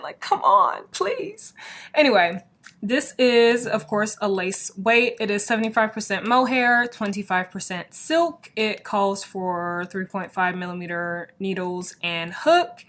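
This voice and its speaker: A woman talks straight to the camera as a crafting show host, rambling and chatty. Her pitch sits in the middle of the range for a woman. She gets excitable and keeps scattering fillers between her thoughts. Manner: excitable, quick to get worked up. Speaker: crochet podcast host. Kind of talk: casual chat showing yarn to camera.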